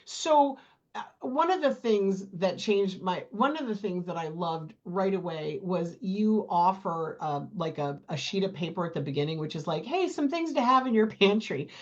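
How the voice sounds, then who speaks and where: A middle-aged woman talking casually as a guest in an interview, animated and chatty, often acting out her own thoughts. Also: on the low side, normal speed, lo-fi sound. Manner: animated storyteller, quotes her own thoughts, laughs easily. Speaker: program client, guest.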